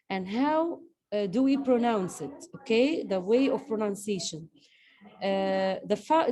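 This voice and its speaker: Slow, mellow woman teacher. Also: on the high side, low-quality recording. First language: Arabic. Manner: slow, repeats words and drills pronunciation. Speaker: English teacher. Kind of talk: online class teaching.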